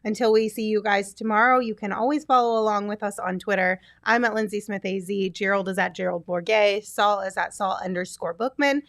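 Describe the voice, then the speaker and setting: A woman's voice: medium pitch, fairly even intonation, fairly quick, hardly any pauses, fairly bright tone, dry recording, studio quality. A woman hosting a casual sports talk show, signing off with upbeat, teasing banter. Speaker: show host.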